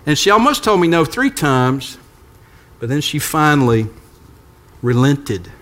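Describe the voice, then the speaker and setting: A man's voice: a little high, sing-song, a little slow, a bit bright. An older man preaching a sermon as a pastor, conversational and storytelling with touches of humor.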